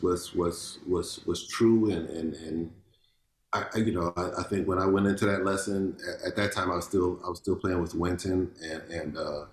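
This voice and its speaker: Laid-back male jazz musician, storyteller, stumbles and repeats, low register, reverberant room. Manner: loose, repeats words, animated storytelling with quoted voices. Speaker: jazz bassist, guest. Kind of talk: casual interview chat. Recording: roomy echo.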